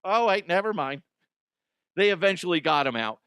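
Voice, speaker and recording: A middle-aged man hosting a comedy news show, riffing on odd headlines in an animated, jokey way and swearing freely. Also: a little high, normal speed, clear, resonant tone, dry recording, studio quality.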